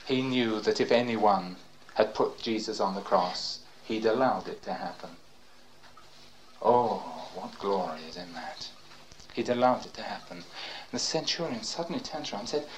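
An older man preaching a fervent sermon and reading scripture aloud. His pitch leaps and falls all over the place, and he breaks in with praise. He swings between ringing cries and near-whispers. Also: slight background noise, low-quality recording. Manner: fervent, interjects praise, swings from loud cries to hushed tones.

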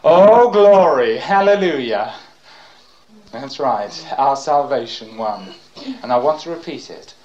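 Fervent older man preaching with lively pitch. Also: unhurried, highs cut off. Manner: fervent, interjects praise, swings from loud cries to hushed tones. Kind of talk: sermon with scripture reading.

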